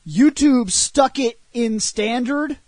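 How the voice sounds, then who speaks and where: A man's voice: very high-pitched, takes it slowly, darkish tone, no room sound. A man co-hosting a casual review podcast, explaining things in a laid-back, rambling way. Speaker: podcast co-host and channel editor.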